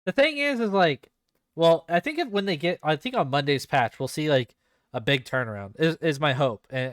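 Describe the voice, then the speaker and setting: A man chats loosely about an online game as a podcast host, full of fillers and restarts. His voice is smooth and clear. The sound is dry and close. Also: mid-range voice, no room sound. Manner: rambling, heavy use of fillers and swearing. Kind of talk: casual gaming chat.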